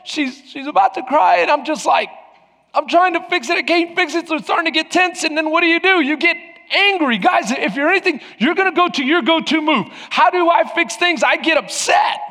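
A man in his forties preaching as a pastor, telling funny family stories in an animated, joking way and acting out voices. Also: very high-pitched, normal speed. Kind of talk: humorous sermon storytelling. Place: large church sanctuary. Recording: reverberant church hall.

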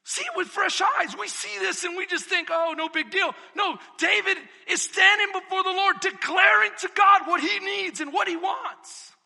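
High, bright preacher with a gravelly edge. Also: male voice, fairly even intonation, moderate pace, hardly any pauses, big-room sound. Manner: swings from shouted, emphatic preaching to hushed, intimate reflection. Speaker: pastor. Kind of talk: sermon.

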